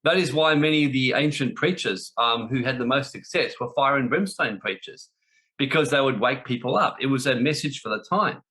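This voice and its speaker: This spiritual talk comes from a man with a bright, forceful, middle-range voice and a brisk pace. He speaks bluntly and emphatically, repeating himself to drive points home.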